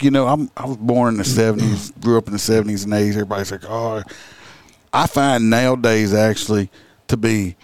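A man's voice: on the low side, no room sound. A man in his forties talking casually as a podcast host, telling stories in a laid-back way, cursing and laughing along. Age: 40s. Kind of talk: casual conversation.

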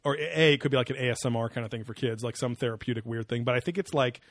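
A man's voice: mid-range voice, very fast, no room sound, studio quality. A young man in casual comedic chat, rambling and crude, laughing often. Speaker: podcast co-host.

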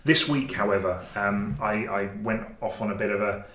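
A man's voice: lowish voice, normal speed, fairly bright tone. A man hosting a casual podcast in a jokey, chatty, rambling way, often restarting his sentences. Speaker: podcast host. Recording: roomy echo, faint noise.

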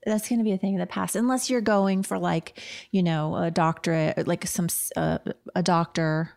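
A woman's voice: on the low side, steady tone, normal speed, vocal fry, darkish tone. A middle-aged woman chatting casually as a podcast co-host, talkative and reassuring. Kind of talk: casual chat.

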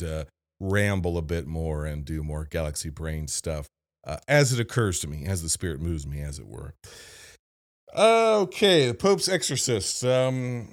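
A man hosting a solo movie review, thinking aloud into a microphone with restarts and asides. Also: sits low. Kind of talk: solo off-the-cuff film review. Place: video store. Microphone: studio microphone.

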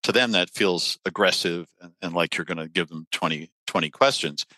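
Deep guy with a bright punchy tone, explaining stuff like an expert. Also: dry recording. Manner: measured, gives practical advice. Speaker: guest expert on communication. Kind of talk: explanatory interview talk.

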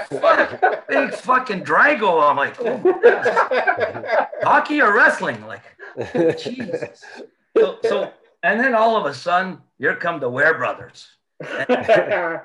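Animated, swearing storyteller man. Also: sits high. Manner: animated, swears a lot, laughs through his stories. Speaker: former hockey player telling stories. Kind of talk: casual storytelling chat.

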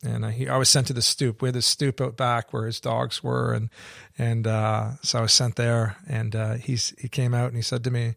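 A middle-aged man from Canada, a guest in an interview, telling his story in a halting way with many restarts. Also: mid-range voice, level tone, creaky, fairly bright tone, no echo, studio quality.

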